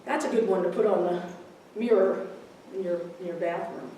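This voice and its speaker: A woman's voice: fairly low pitch, moderate pace, a little hiss or hum. A woman giving a chatty, casual sermon, mixing readings and a humorous story. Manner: warm, chatty, laughs at her own jokes. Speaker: minister giving a talk. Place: large echoey hall with a congregation. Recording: very echoey hall, voice from far off.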